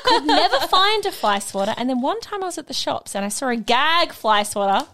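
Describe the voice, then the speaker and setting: Woman, from Australia, podcast co-host, casual chat, bubbly, giggly, high voice, lively pitch. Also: fairly quick. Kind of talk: casual chat opening gifts.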